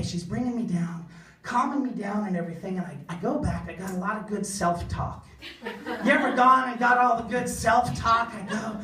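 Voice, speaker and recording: A woman performing a funny personal story live before an audience, animated and self-deprecating, acting out the other voices. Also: medium pitch, moderate pace. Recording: echoey room, far mic, audience.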